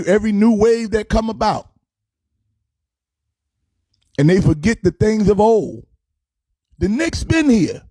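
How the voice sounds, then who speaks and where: A man's voice: fairly high pitch, mellow, no room sound. A man delivering a comic, sermon-style sports rant as a pastor, boastful and playful, with sing-song cadences.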